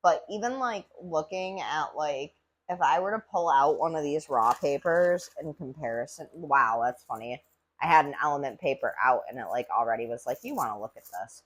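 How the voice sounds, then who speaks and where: A woman's voice: low voice, normal speed, slightly rough. A woman hosting a casual solo podcast, rambling and chatty with lots of filler words and casual swearing. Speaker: podcast host reviewing cannabis.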